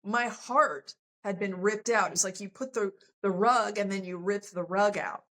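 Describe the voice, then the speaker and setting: Woman podcast guest, mid-pitched, earnest, emotional storyteller who re-enacts dialogue. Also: measured pace, fairly bright tone, rough recording. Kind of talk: candid personal storytelling.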